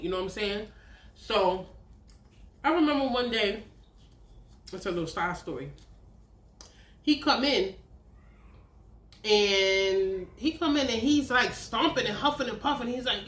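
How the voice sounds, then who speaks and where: A woman's voice: medium pitch, measured pace, pauses often, a bit bright. A woman, telling a candid, profane personal story on her vlog. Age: 30s. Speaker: vlogger. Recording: roomy echo.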